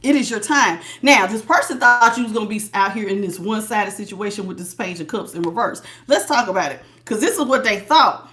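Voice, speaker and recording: A middle-aged woman giving a casual tarot reading to her viewers, animated and laughing, calling them honey and baby. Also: mid-range voice, a little fast, hardly any pauses, a little hiss or hum. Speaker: tarot reader.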